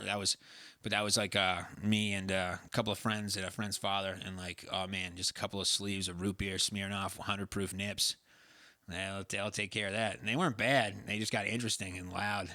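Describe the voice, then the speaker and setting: A man's voice: fairly low pitch, flat delivery, brisk, pushed and bright, dry recording, studio quality. A young man co-hosting a podcast, talking casually in long sweary rants and mimicking people as he tells stories. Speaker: podcast co-host. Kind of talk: casual chat.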